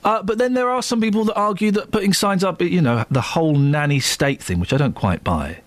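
A man's voice: high-pitched, expressive, a little fast, dry recording. A man hosting a phone-in radio show, teasing callers playfully and stammering as he talks. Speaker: radio host.

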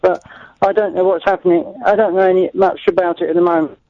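A man's voice: high-pitched, flat delivery, fast talker, no room sound. A man from Maidstone calling in to a radio show, chatting in a rambling, hesitant way with little giggles. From Maidstone, England. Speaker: caller. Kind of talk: phone-in chat. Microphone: phone. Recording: dull phone line.

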